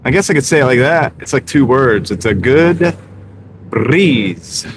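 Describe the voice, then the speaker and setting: Streaming from his car over road noise, a man who drives for gig delivery chats casually at a measured pace. His mid-range voice is expressive, and he jokes self-mockingly while calling out chat members by name.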